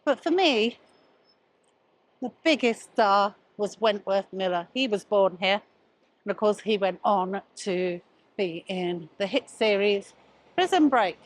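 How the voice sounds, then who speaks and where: Walking through a town street outdoors, an older female travel vlogger talks slowly in an expressive mid-range voice. She chats away, a bit winded, calling attention to things along the route.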